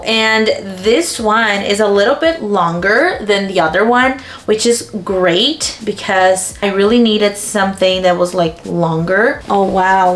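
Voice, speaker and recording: Woman, young, native Portuguese speaker, gushing, unboxing vlog, roomy echo. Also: mid-range voice. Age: young adult. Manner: gushing, lots of exclamations. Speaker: vlogger. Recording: echoey room, faint noise.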